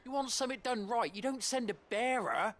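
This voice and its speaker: A man's voice: extremely high pitch, expressive, a little fast, fairly bright tone. An actor playing an indignant, hot-headed townsman in a video game, scoffing and storming off. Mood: scornful anger.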